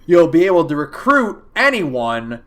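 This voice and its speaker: A man's voice: on the high side, big pitch swings, a little slow, a bit bright. A man co-hosting a podcast, chatting casually with lots of fillers and dry jokes. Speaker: podcast co-host. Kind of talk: casual chat. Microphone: remote call.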